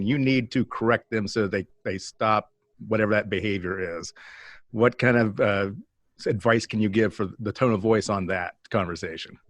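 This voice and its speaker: A man hosting a management podcast, asking questions in a measured way. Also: fairly low pitch, dry recording. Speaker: podcast host. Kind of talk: podcast interview.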